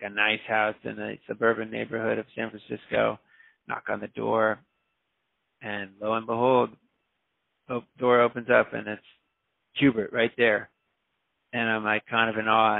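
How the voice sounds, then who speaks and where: A man's voice: medium pitch, gravelly, no room sound. A man, a DJ, telling a story casually and acting out the voices of the people in it. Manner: animated, acts out quoted voices. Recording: dry, phone-like narrow sound.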